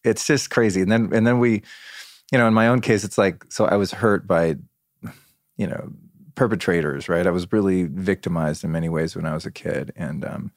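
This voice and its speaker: Man, very low voice, dry close sound; thoughtful podcast guest, unhurried, restarts his sentences. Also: no echo. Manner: reflective, measured, with frequent restarts. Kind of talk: candid conversational interview.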